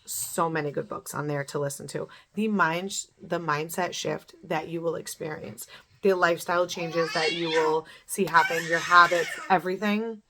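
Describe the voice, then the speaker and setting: A woman in her thirties talks straight to camera in a home vlog, her voice sitting a little low. She gives an earnest, repetitive pep talk, leaning hard on the words she wants to land. A faint hiss of noise sits behind her. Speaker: beauty vlogger. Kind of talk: casual motivational talk to camera.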